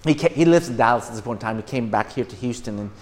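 A middle-aged man preaching a sermon to a congregation, earnest, often repeating and restarting words, rising now and then to loud, emphatic bursts. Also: mid-range voice, expressive, rapid-fire, in a large hall. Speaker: pastor.

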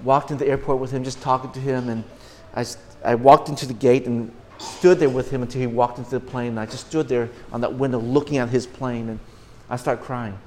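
A middle-aged man preaching a sermon to a congregation, earnest, often repeating and restarting words, rising now and then to loud, emphatic bursts. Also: medium pitch, fairly even intonation, a little fast, few pauses, big-room sound, a little hiss or hum. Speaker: pastor.

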